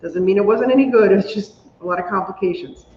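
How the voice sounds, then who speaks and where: A woman's voice: mid-range voice, fast talker. Chatty woman livestreaming in an echoey room. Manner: chatty, excitable, squeals when delighted. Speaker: crafting livestream host. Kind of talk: casual livestream chat while crafting. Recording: roomy, dull lo-fi sound with faint hum.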